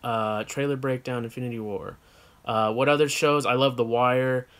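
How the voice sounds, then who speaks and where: A man's voice: medium pitch, fairly even intonation, moderate pace, fairly bright tone. A man from the United States co-hosting a casual chat show, answering viewer questions in a frank, rambling way with many fillers and self-corrections.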